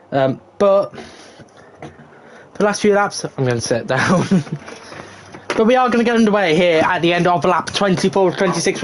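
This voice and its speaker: A British man calls a live sim racing event from home in a bright, high-pitched voice. He keeps up a chatty, casual patter with the odd swear and launches into rapid play-by-play when the action heats up. A faint hum of household noise sits behind him. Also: poor audio. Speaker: race commentator.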